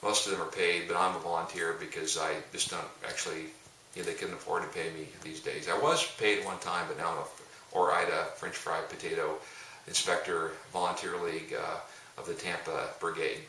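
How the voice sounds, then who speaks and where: A middle-aged pastor and coach tells rambling, jokey stories in casual talk, restarting often. His low voice is level in tone, brisk, pushed and bright. The distant mic catches a roomy echo and faint hiss.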